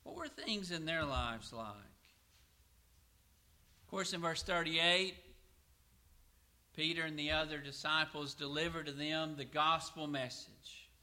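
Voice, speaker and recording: A middle-aged man preaching a sermon, asking questions and answering them himself, and slowing down to read scripture aloud. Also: fairly high pitch, pushed and bright. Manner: asks and answers his own questions.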